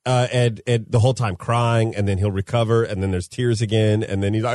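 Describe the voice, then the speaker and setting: A man's voice: on the low side, steady tone, brisk, darkish tone, no room sound, studio quality. A man co-hosting a podcast, telling a story in casual chat, laughing mid-sentence and acting out what people said. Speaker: podcast co-host.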